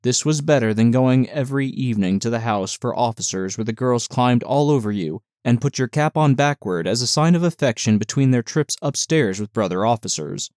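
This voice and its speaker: A man narrating a novel as an audiobook with steady, measured storytelling. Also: mid-range voice, no echo, clean studio sound. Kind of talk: novel reading.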